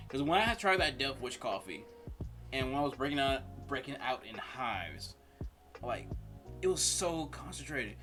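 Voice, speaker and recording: A man's voice: on the high side, bright, forceful tone. A man casually reacting to a comedy clip, laughing often and drawing out his words. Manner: laughing, drawn-out casual commentary. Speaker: reaction video host.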